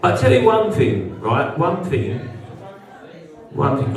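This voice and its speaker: A man's voice: medium pitch, very animated, a little slow, some chatter behind. Brash, sweary British stand-up man. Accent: British English. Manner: brash, sweary, banters with the audience. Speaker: stand-up comedian. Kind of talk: live stand-up routine with crowd work. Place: social club comedy venue. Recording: roomy hall, heard from a distance. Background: audience laughter.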